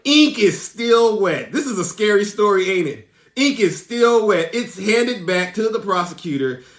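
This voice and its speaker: A man's voice: high voice, fairly bright tone, reverberant. A man hosting a livestream, reading out news with theatrical teasing, laughing often and greeting viewers by name. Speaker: livestream host. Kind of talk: live commentary reading news.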